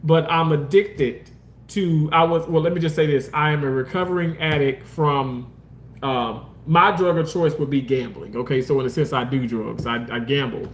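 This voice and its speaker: A man with a high voice hosts a casual livestream. He talks loosely, swears freely and jumps into exaggerated mock voices as he reads out viewers' comments and answers them. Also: fairly even intonation, normal speed. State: homeless, says so. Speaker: livestream host reading comments. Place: outdoors park.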